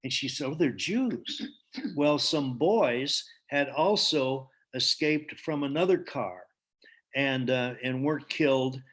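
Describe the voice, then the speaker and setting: A man's voice: medium pitch, slow, a bit bright. A man giving a storytelling talk in an earnest way, with frequent ums and restarts. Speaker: speaker.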